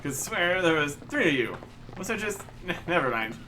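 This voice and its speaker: A man's voice: a little high, very animated, moderate pace, pushed and bright, slight background noise, rough recording. A man doing a rowdy boozy sailor. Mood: boisterous. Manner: rough old-salt dialect, cheeky, rambling. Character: rowdy boozy male sailor, middle-aged.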